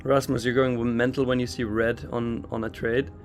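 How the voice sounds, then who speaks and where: With faint music behind him, a man speaks at normal speed in a level, medium-pitched voice. He grew up in Switzerland and is hosting a live trading stream from a London trading expo, casually commenting on markets and responding to chat.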